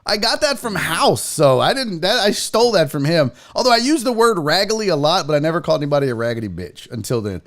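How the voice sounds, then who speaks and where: Male streamer host, fairly high voice, animated, gushing and profane. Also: fast, few pauses. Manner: excitable, emotional and profane. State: out of breath. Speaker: sports show host. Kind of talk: casual livestream chat.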